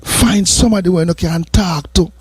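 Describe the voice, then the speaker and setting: Here a Jamaican man runs morning radio talk in the style of a sermon, repeating himself earnestly as he shifts between patois and English. He has a high-pitched, husky voice and keeps a moderate pace. The recording is close and dry, with no room sound.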